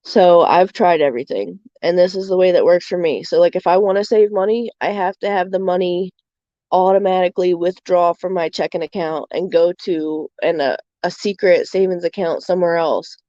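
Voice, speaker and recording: A woman's voice: on the low side, moderate pace, warm tone, no echo, highs cut off. A young adult woman streaming live, chatting candidly with many fillers. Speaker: livestream host. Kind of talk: casual chat.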